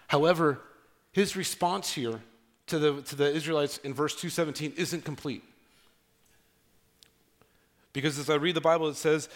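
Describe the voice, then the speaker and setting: A man's voice: a little high, fairly bright tone. Earnest male pastor preaching. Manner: earnest, conversational preaching with dramatic pauses. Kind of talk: sermon.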